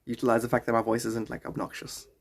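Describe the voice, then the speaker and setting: A man's voice: medium pitch, completely flat delivery, fast talker. A man livestreaming, rambling casually and chatting with viewers in his chat. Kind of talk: casual live-stream chat.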